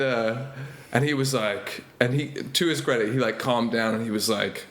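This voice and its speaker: A young man, a comedian, telling stories in casual podcast chat and acting out the voices of the people he met. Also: normal speed. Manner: animated storyteller, acts out quoted voices in a higher pitch. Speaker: comedian guest. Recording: roomy echo.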